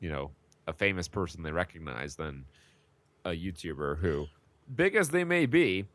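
A man with a very deep voice co-hosting a podcast, delivering dry, sarcastic humor in casual chat. The sound is close and completely dry, with no room echo. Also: animated, normal speed, a bit bright. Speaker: podcast co-host.

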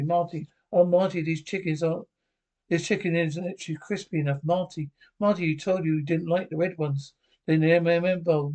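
Guy doing a twitchy short gofer dude, whiny and sorry for himself, voice sits kinda high, tv horror show. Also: a little mellow, lightly acted. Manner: nervous, whiny and self-pitying. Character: short, greedy, jittery male band gofer. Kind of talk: TV horror anthology acting.

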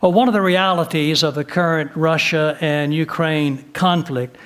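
An older man preaching a sermon, his voice sitting a little high for a man. He talks in a relaxed, folksy way, dropping in light humor and plenty of "uh" as he goes. He speaks as a retired pastor addressing a congregation. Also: moderate pace. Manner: folksy, with frequent "uh" fillers and gentle humor.

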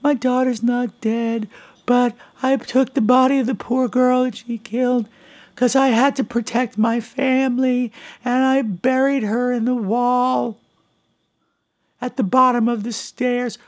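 A man putting on the voice of a creepy old woman who confesses a dark secret in a hushed, dramatic way. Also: very high voice, level tone, a little slow, pitched above the performer's own voice. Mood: spooky.

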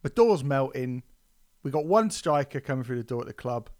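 A man's voice: medium pitch, animated, moderate pace, darkish tone. This is a man in casual podcast chat. He tells his stories animatedly, working himself up into mock outrage and dropping swear words as he goes. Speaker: podcast host.

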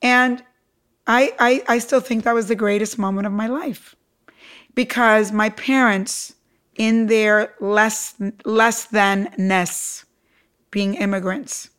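A woman's voice: mid-range voice, slow, smooth. A middle-aged woman from Cuba, an entrepreneur guest, telling her story with emphatic energy in a podcast interview. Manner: animated, emphatic, acts out quotes.

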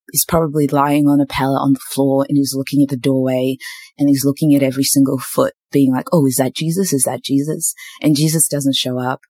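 This podcast host is a young adult woman whose extremely low voice carries vocal fry and a warm tone. Chatting casually, she tells an honest story about her faith, peppered with lots of ums and likes, recorded with no room sound.

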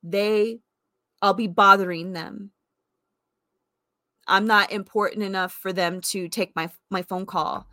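A woman's voice: medium pitch, fairly even intonation, takes it slowly, pauses often, pushed and bright, dry recording. Earnest woman in her forties, dry sound. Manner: earnest, conversational, filler-heavy. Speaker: vlogger sharing faith testimony. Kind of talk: reflective personal testimony.

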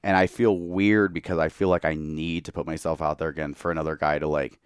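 Speaking fairly quickly in a very deep, clear, resonant voice with a level tone, a young man guests on a podcast after some tequila. His casual chat is candid and loaded with "like," captured in studio quality with no room sound.

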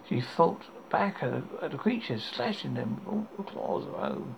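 A man hosting a horror podcast, reading a dark story aloud with stumbles and restarts. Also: medium pitch, big pitch swings, normal speed, gravelly, hardly any pauses. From United Kingdom. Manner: stumbling, self-correcting reading. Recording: dull lo-fi recording with faint hiss.

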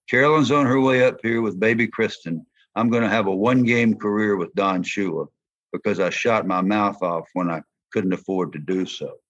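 An older man with a Southern accent, a former football player telling folksy, animated stories in an interview. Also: lowish voice. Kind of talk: storytelling interview. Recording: dull lo-fi sound.

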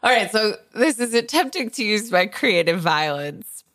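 A woman playing a tabletop role-playing game, talking in an animated, giggly way. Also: mid-range voice, moderate pace. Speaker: player.

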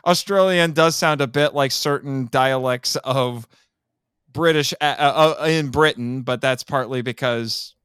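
A man's voice: medium pitch, a little slow, fairly bright tone, clean tone, dry recording. A man co-hosting a podcast in casual, joking chat, laughing often. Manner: jokey, playful, laughs often. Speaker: podcast co-host. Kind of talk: casual chat reviewing a tokusatsu show.

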